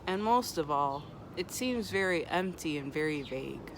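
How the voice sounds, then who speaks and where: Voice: mid-range voice, expressive, normal speed, background noise, close to an everyday voice. A vlogger doing a despairing sad man.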